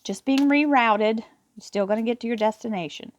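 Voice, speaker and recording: A tarot reader speaks to camera, reading spiritual affirmations and explaining them earnestly and encouragingly, often repeating words. Her voice is fairly high and she moves at a moderate pace.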